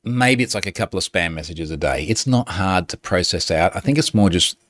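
A man hosting a show in casual chat, sardonic and animated and often breaking into laughter. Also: low-pitched, brisk, no echo, clean studio sound.

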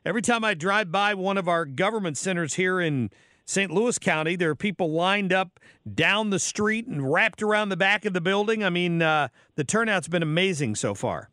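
A man's voice: high-pitched, lively intonation, normal speed, sharp tone, no room sound, studio quality. Chatty man hosting talk radio. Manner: casual, chatty, frequent restarts. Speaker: radio talk show host. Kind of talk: radio talk show interview. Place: radio studio.

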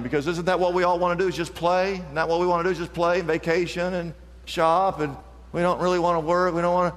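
A man's voice: sits high, little pitch movement, fast, long reverb tail. A male pastor preaching an impassioned sermon, building each point to a repeated refrain.

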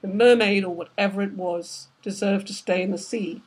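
A woman, the author, reading aloud from her novel in steady, measured narration. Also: mid-range voice, low-quality recording. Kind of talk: book reading.

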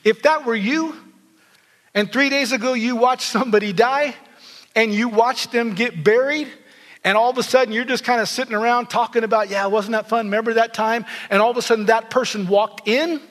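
A male pastor delivers a sermon with a notably high-pitched voice. He tells the story with animation, slipping into the voices of the people he quotes. His voice rings with the long reverb of a large hall. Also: normal speed, a bit bright.

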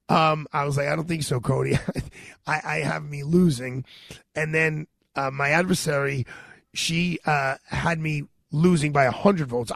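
Gravelly-voiced New man, 50s. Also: a little high, no room sound. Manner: animated, retells dialogue in his own voice. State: sore throat. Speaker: radio show host. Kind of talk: personal storytelling monologue.

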